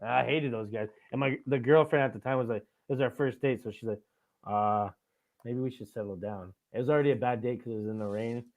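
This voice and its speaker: A man's voice: mid-range voice, quick pace, vocal fry, hardly any pauses. A man hosting a podcast, telling stories in casual chat with lots of swearing and laughing. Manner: profane, animated storytelling with frequent laughs. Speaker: podcast host. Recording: tinny phone-like audio.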